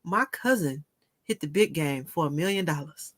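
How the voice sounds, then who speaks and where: A woman's voice: deep voice, moderate pace, dry recording. A woman with a Detroit accent telling stories animatedly in a casual chat, laughing often and swearing freely. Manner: animated storytelling, frequent laughter, profane. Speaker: podcast host.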